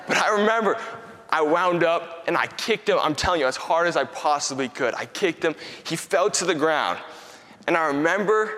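Young man preaching in a reverberant hall. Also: fairly high pitch. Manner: lively storytelling with repeated phrases. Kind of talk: sermon. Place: church hall.

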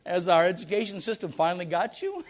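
A pastor preaches emphatically in a high-pitched, very animated voice, moving at a quick pace. He fires off rhetorical questions and stumbles over repeated words as he presses his points.

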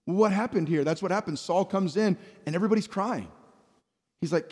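A man's voice: sits high, brisk, darkish tone, long reverb tail. A pastor preaching a sermon, reading scripture aloud and acting out the voices of the people in it, often repeating words as he speaks.

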